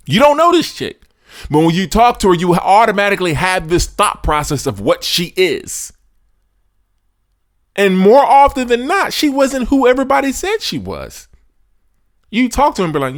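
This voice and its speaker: A man holds forth on his sports podcast, his slightly high voice swooping up and down with lively emphasis. He preaches at the listeners in casual slang, dropping to quiet asides between louder points. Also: moderate pace. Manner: preachy, animated, swings from loud to hushed asides. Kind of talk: sports commentary monologue.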